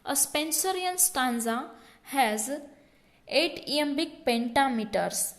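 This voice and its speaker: A woman's voice: high-pitched, expressive, slow. A woman teaching, working through exam questions one by one and repeating the key points as she explains. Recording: echoey room.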